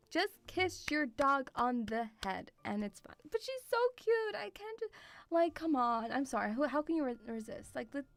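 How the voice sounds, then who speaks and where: A woman's voice: high-pitched, fairly bright tone. A woman streamer chatting casually and rambling, calling her viewers sweetie. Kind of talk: casual live-stream chat.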